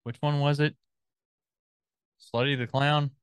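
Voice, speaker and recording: A man's voice: a little high, little pitch movement, measured pace, clean tone, dry recording. A man co-hosting a podcast in casual chat, rambling as he scrolls and reads out film listings. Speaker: podcast co-host.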